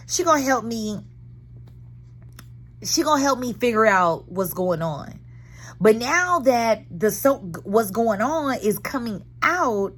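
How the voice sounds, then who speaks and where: A woman in her thirties, chatting in a casual vlog from her car. She tells her story candidly and dramatically, heavy on slang. Her voice sits a little high and swoops up and down a lot. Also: a bit bright. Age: 30s. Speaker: vlogger. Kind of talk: casual chat.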